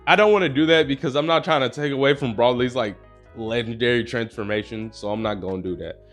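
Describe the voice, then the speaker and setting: A man's voice: mid-range voice, fast, a bit bright, faint music behind. A young man casually telling a fan-made story, rambling and slangy, full of "bro" and "like".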